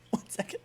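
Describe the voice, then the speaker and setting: A man from Germany, a YouTuber, giving a casual vlog lesson in a chatty, animated way that turns into exasperated pet-peeve ranting.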